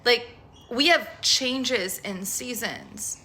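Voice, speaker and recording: A woman's voice: on the high side, lively intonation, extremely slow, sharp tone. A woman talking casually to camera about spirituality, frank and profane, rambling with lots of "like.". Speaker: spiritual tarot vlogger.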